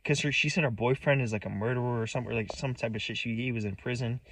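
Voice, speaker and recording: A man's voice: mid-range voice, steady tone, fast talker, slight background noise, low-quality recording. A man telling a personal story in a casual monologue, agitated and profane, rambling with many restarts. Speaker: vlogger.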